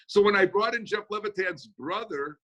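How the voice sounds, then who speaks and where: A man answering audience questions in a motivational Q&A over a video call, talking fast in a folksy, energetic manner. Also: high voice, dull audio. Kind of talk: motivational Q&A talk.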